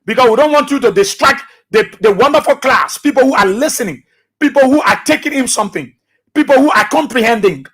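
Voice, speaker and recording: A man's voice: very high voice, a bit bright, breathy edge. A man with a Liberian English accent hosting a call-in radio talk show, ranting combatively at opponents before taking calls. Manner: combative, scolding rants at opponents.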